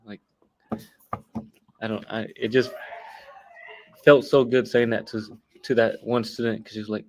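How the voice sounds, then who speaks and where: A young man in his twenties talking casually as a guest teacher, halting with many restarts and fillers. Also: medium pitch, fairly even intonation, slight background noise, poor audio. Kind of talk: casual interview talk.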